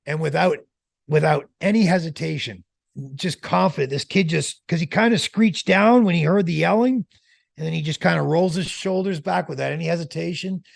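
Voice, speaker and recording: A man telling a long, animated anecdote as an interview guest, in a slangy, casual way. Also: fairly high pitch, moderate pace, vocal fry, no room sound, studio quality.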